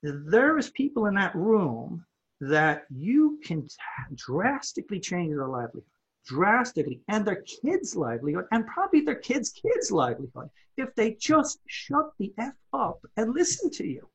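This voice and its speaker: A man guest telling a story in conversation, animated, acting out what people said and repeating words when worked up. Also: high voice, a little slow, creaky, husky. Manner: animated, acts out quoted dialogue, repeats words when excited. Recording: dull lo-fi recording.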